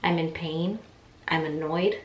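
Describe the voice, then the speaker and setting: A young woman telling a personal story in a casual, animated way, acting out what people said. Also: deep voice, takes it slowly, highs cut off. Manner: chatty, animated retelling with quoted voices. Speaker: vlogger. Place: room at home, in pajamas. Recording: echoey room, mic set back.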